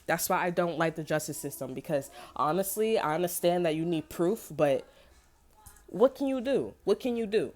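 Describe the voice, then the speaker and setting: A woman in a loose, unscripted rant to camera, swearing freely and jumping between thoughts. Her voice sits somewhat low. She sounds fed up but keeps talking. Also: expressive, moderate pace, darkish tone. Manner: heated, profane and rambling. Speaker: tarot reader.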